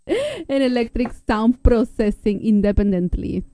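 Giggly high-voiced woman, slow and lively. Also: no room sound. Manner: giggly, exclaims often, reads product text haltingly. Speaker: co-host of a product review channel. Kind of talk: casual excited chat.

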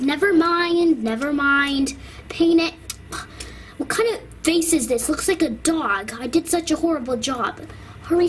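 An anxious little girl toddler , voiced by a woman frets aloud in a high, slow voice. She talks to herself as she works, grumbling and worried, in a doll-play cartoon. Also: a little hiss or hum.

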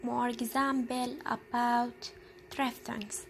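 Young woman, high voice, very slow pace, deliberate repeated examples, faint hiss. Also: steady tone, fairly bright tone, rough recording. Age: young adult. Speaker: university student presenter. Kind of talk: slow classroom presentation on phonetics.

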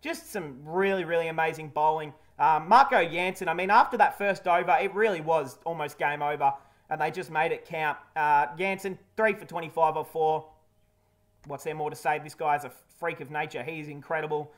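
A man's voice: a little high, normal speed, fairly bright tone. A man hosting a casual cricket match review, talking candidly and jokingly with some blunt swearing. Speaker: cricket video host.

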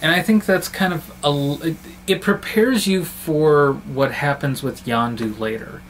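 A man's voice: a little high, a little slow, a little hiss or hum, rough recording. A man talking casually and fondly in a film review vlog, rambling and restarting his sentences. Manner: chatty, fond and rambling, with frequent restarts.

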